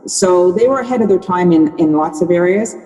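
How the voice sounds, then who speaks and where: A woman's voice: fairly low pitch, brisk, mellow, big-room sound, faint music behind, rough recording. A woman in her sixties, a podcast guest, telling her story candidly and often restarting her sentences. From Canada. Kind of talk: conversational podcast interview.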